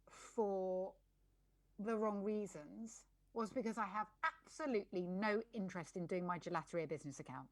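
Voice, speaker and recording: A woman's voice: medium pitch, moderate pace, no room sound. A woman, a podcast guest and life coach, talking candidly and bluntly, given to ranting and swearing. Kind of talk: candid conversational chat.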